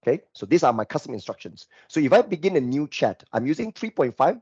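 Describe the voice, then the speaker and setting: A male course instructor giving a live screen demo, talking in an animated, exasperated way and repeating himself. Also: a little high, fast talker, slightly rough, dry recording. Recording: dull lo-fi microphone, dry.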